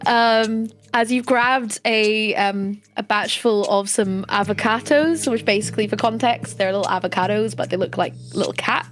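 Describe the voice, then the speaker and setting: A woman's voice: mid-range voice, moderate pace, few pauses, soft background music. A woman running a tabletop game, narrating in a casual, chatty way with lots of fillers and swearing. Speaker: game master.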